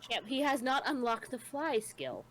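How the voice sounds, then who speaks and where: A woman's voice: on the high side, sing-song, moderate pace, fairly bright tone, a little hiss or hum. Chatty woman retelling an anime plot. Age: adult with children. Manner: chatty, laughs often, stumbles over names. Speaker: podcast co-host. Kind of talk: casual retelling of an anime episode.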